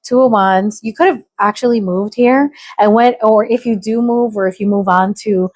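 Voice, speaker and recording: A woman's voice: mid-range voice, moderate pace, darkish tone. An American woman doing a casual, chatty tarot reading, musing aloud with fillers. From United States. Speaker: tarot reader.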